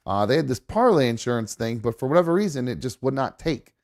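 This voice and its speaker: A man hosting a live show, talking excitedly and casually, swearing and rambling with lots of fillers. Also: mid-range voice, fast. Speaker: host. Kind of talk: live show chat about football. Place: home studio.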